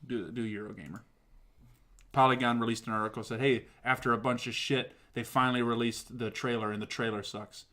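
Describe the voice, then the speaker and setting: Brief: male talk-show host, mid-pitched, casual and animated, swears freely while acting out quotes. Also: fairly quick. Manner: animated, profane retelling with mimicked quotes. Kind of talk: casual chat.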